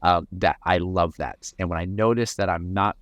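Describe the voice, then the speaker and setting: Low-voiced reflective man, dry sound. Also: moderate pace, a bit bright, dry recording. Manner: reflective, repeats words when starting a thought. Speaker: mental performance coach, guest. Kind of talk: conversational interview answers.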